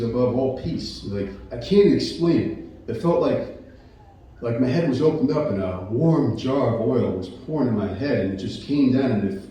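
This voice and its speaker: A man's voice: mid-range voice, mellow. A man earnestly telling his Christian testimony in a casual, rambling way, often restarting and becoming emotional. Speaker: channel host giving his Christian testimony. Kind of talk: personal testimony, casual storytelling. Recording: very echoey room, voice picked up from a distance.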